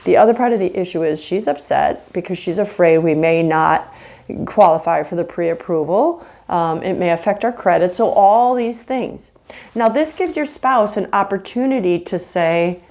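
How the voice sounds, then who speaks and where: A woman teaching about marriage from a faith angle, earnest and animated, often acting out example conversations. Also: mid-range voice, moderate pace. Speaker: marriage counselor. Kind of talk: faith-based relationship teaching.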